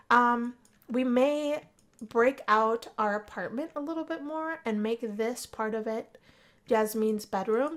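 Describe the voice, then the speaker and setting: A woman giving chatty, excitable commentary as she plays a life-simulation game, gasping and gushing over what happens. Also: a little high. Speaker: gameplay narrator. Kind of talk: casual let's play commentary.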